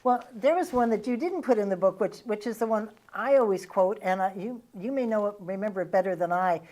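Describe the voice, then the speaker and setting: A middle-aged woman with a Vermont accent hosts a relaxed interview. She talks conversationally, recalls old stories and laughs readily. Her pitch sits in the middle range for a woman. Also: a little fast. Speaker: host and former legislator. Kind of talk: casual interview chat.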